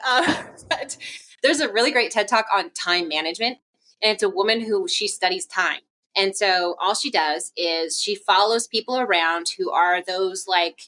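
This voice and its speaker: A woman's voice: mid-range voice, sharp tone. A young adult woman, a physical therapist guest on a casual podcast interview, telling stories animatedly and acting out quoted dialogue.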